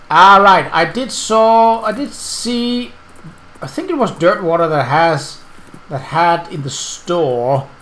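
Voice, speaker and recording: A man casually commenting on his gameplay and reading the game's text aloud, chatty and quick to correct himself. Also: fairly high pitch, fairly bright tone, slight background noise. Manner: chatty, self-correcting, laughs at the game. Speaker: let's play host.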